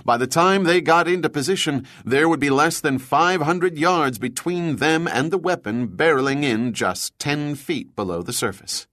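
A man reading a thriller audiobook in scripted narration, with a steady, measured delivery. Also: fairly high pitch, dry recording, studio quality.

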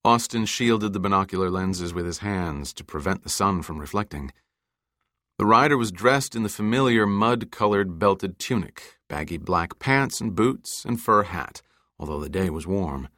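A man giving scripted audiobook narration, measured and deliberate. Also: sits low, lively intonation, a bit bright, no echo, clean studio sound.

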